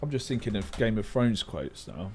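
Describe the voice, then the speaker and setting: A man's voice: on the low side, sing-song, normal speed, a little mellow, soft background music. A young man hosting a casual livestream, muttering word guesses aloud with playful, self-mocking asides. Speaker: livestream host. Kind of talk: casual livestream chat while playing a word game.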